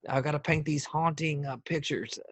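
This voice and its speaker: A man doing a halting, mock-solemn impression of a folksy former male president. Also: a little high, steady tone, a bit bright, no echo, pitched above the performer's own voice.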